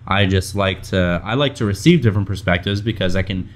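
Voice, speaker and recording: A man's voice: low voice, brisk. A man chatting casually with a friend, earnest and rambling, restarting his sentences often. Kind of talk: casual chat between friends.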